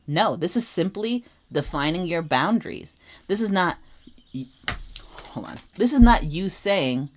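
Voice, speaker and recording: A woman's voice: on the low side, animated, unhurried. A young adult woman giving a casual tarot reading, talking animatedly and repeating phrases for emphasis. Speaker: tarot reader.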